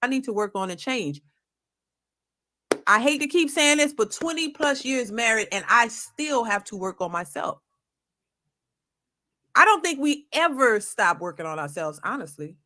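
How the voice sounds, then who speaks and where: A woman's voice: a little high, sing-song, moderate pace, pauses often, pushed and bright. A middle-aged woman who has been married over twenty years gives relationship advice on a talk panel. She is earnest and a little preachy, and she often repeats herself. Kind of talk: casual opinion talk.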